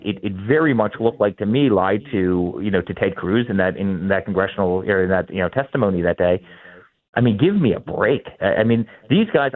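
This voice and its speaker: A man in his forties, the guest in an interview, speaking emphatically and often repeating words as he starts sentences. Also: on the low side. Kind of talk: fast, heated interview talk. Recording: tinny phone-line sound.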